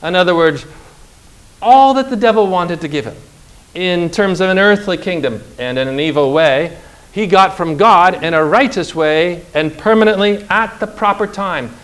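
A middle-aged man preaching a sermon, emphatic and slow, with dramatic pauses and rhetorical questions. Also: high voice, animated, fairly bright tone, clean tone.

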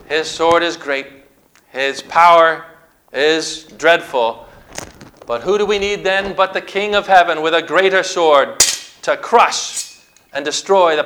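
A male preacher tells scripture stories with an emphatic, dramatic delivery. His voice is bright and sits a little higher than usual for a man. He slows down hard on the key words. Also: low-quality recording. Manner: emphatic, dramatic storytelling with slow stressed phrases. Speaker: pastor. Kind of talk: sermon.

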